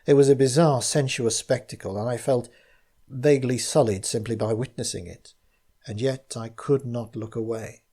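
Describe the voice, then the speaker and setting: A man reading his own gothic mystery story aloud, in measured first-person narration. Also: mid-range voice, steady tone, mellow, breathy edge.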